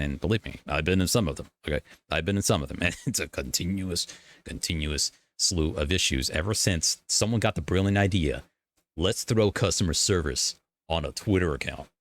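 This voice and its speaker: A man giving casual, animated commentary on gaming news, swearing and slipping into mocking voices. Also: low voice.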